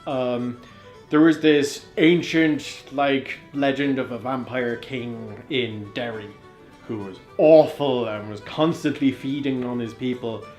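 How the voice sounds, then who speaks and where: A man's voice: mid-range voice, fairly even intonation, takes it slowly, darkish tone. A man with an Irish accent, a guest who explains old folklore in a rambling, enthusiastic way. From Ireland. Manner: rambling, enthusiastic, filler-heavy. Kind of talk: casual chat, explaining. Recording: echoey room with faint music.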